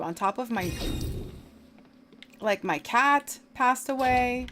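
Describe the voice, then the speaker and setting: A woman's voice: mid-range voice, a little slow, a bit bright, a little hiss or hum. A woman livestreamer chatting casually while gaming, rambling and filling her talk with "like". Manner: rambling, heavy use of "like" fillers.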